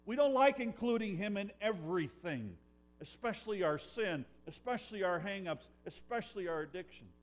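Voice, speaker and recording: A man preaching a sermon in a church, earnest, swinging between loud emphasis and hushed lines. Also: high-pitched, lively intonation, normal speed. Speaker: pastor.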